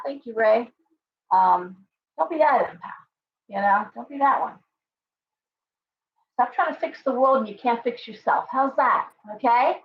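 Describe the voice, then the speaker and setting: A middle-aged woman hosts a live tarot stream with a blunt, scolding, profane delivery. Her voice sits a little high. The sound is roomy and somewhat muffled, with faint noise underneath. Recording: echoey, dull live-stream audio.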